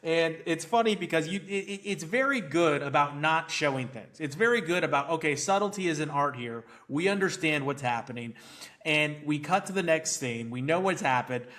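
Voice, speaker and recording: A man co-hosting a movie review podcast in casual chat, animated and laughing often. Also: on the high side, normal speed. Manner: animated, laughs often, acts out scenes in quotes.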